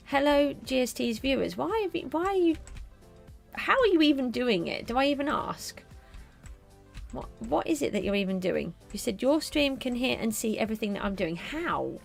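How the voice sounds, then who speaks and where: A woman's voice: a little high, expressive, moderate pace, gravelly, soft background music. A middle-aged woman streamer chatting casually to viewers while she plays a game. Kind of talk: casual live gameplay commentary.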